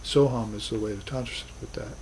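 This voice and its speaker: A man's voice: on the low side, steady tone, fast, a little mellow, a little hiss or hum, low-quality recording. Earnest male spiritual teacher lecturing. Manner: earnest, reflective, rises to emphatic bursts. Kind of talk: recorded class lecture.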